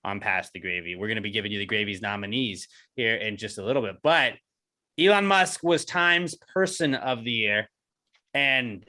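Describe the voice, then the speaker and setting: A man's voice: mid-range voice, pushed and bright. A man co-hosting a podcast, in casual banter that turns into profane, heated rants. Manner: profane, ranting, gets heated. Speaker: podcast co-host.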